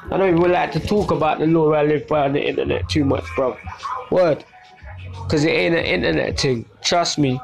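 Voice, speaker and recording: A man's voice: high-pitched, gravelly. A young man with a London accent, hosting a podcast and ranting in heavy street slang. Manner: animated, slangy rant. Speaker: podcast host. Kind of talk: casual monologue.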